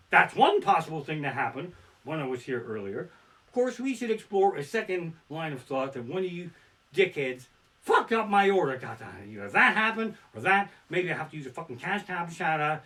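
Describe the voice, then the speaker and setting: A stand-up comic in his living room rants about everyday annoyances with a lot of swearing. His voice sits high and leaps around, from low mutters to loud bursts. The home setup is bare-bones. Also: very animated, normal speed. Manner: ranting, swearing, swinging between mutters and outbursts. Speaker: stand-up comedian. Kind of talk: profane stand-up storytelling. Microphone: barebones home setup.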